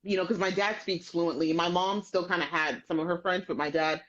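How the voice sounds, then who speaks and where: An American woman hosting a podcast in casual, animated chat, laughing often and making playful asides. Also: fairly low pitch, a little fast. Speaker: podcast host. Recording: dull, muffled audio.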